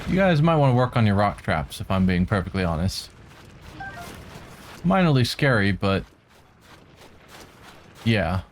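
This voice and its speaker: A man talks through his gameplay in a relaxed, lowish voice. He makes dry, wry asides and talks to the enemies on screen. Faint ambience sits under him. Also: a little slow, pauses often, a little hiss or hum. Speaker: game streamer. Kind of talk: let's-play commentary.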